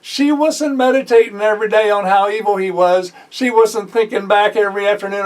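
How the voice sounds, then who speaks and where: A man preaching with a high, lifted voice, retelling a scripture story and slipping into the voices of its characters. He hammers points home through repetition. The recording catches him from a distance, away from the mic. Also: fairly quick, few pauses. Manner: animated storytelling, acting out the voices of biblical figures; drives points home by repeating phrases. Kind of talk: sermon.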